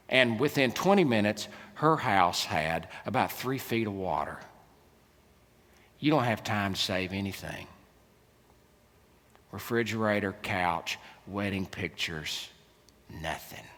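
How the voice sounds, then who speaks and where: A middle-aged man, preaching a sermon as a keynote speaker, telling stories with humor and big swings in loudness. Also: mid-range voice. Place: large hall. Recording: reverberant hall.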